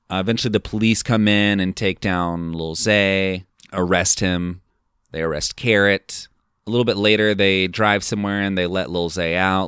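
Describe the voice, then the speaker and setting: Man, low pitch, smooth, rambling casual recap, lots of fillers. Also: fairly bright tone, dry recording, studio quality. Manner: rambling, filler-heavy retelling. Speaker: podcast host.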